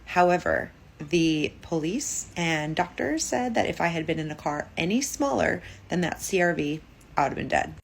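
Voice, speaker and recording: Low-voiced, matter-of-fact woman. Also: lively intonation, normal speed, gravelly, slight background noise. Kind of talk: casual storytelling to camera.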